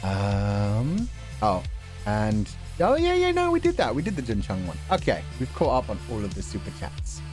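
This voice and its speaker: A young British man hosting a relaxed stream chat, reading viewer donations, laughing often and swearing casually. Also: on the low side, normal speed, faint music behind. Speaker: streamer host.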